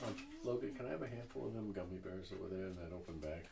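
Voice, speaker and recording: A man's voice: low-pitched, rapid-fire, creaky, crowd noise. A man narrating as dungeon master in a casual, rambling way with many fillers. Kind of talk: narrating a tabletop game. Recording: echoey room with faint noise.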